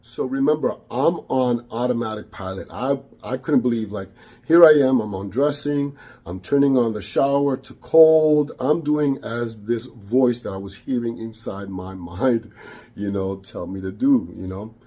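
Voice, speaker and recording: Mellow husky storyteller. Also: male voice, mid-range voice, a little slow. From Caribbean. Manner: hesitant, repeats words, mixes in Spanish. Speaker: spiritual practitioner. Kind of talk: personal storytelling.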